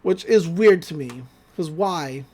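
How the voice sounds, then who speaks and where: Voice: mid-range voice, lively intonation, slow pace, dark tone, husky. A podcast host recapping a cartoon episode in casual chat, laughing often and acting out the characters' lines.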